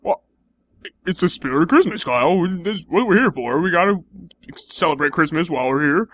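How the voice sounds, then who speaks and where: A young man with a slightly high voice, joking around in loose improvised banter. He teases and mocks in a playful way. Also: lively intonation, fairly quick, fairly bright tone. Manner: teasing, playfully mocking.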